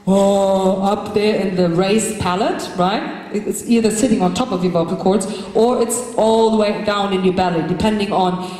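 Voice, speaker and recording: A woman leading a live vocal workshop for a group, explaining breathing and screaming technique and demonstrating shouts and growls herself. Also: medium pitch, steady tone, moderate pace. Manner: instructive, breaks into loud demonstration shouts and growls. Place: large hall with a live group. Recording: very echoey hall from a distance.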